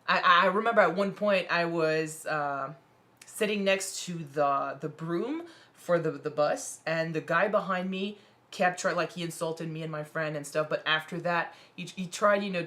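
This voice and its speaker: A woman with a somewhat low voice chats casually in English, which is not her first language. She talks earnestly and rambles, often restarting and filling gaps with "you know." Her voice is starting to give out. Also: a bit bright. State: losing her voice. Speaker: reaction video co-host. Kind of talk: casual chat.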